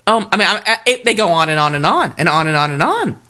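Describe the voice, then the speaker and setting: Woman co-host, lively and bright-toned, animated storyteller for casual talk radio. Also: fairly low pitch, quick pace. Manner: animated storyteller, reads comments aloud. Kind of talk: casual chat.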